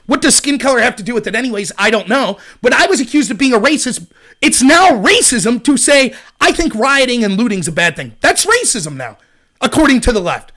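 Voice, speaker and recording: A man hosting a live-streamed political commentary show, talking in an animated, indignant rant. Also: extremely high pitch, fairly quick.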